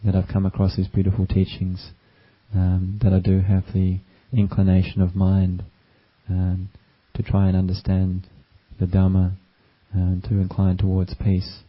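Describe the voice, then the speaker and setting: A male meditation teacher gives a gentle, unhurried dharma talk. His deep voice stays very flat and even. The recording is dull and lo-fi. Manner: gentle, unhurried, with many fillers.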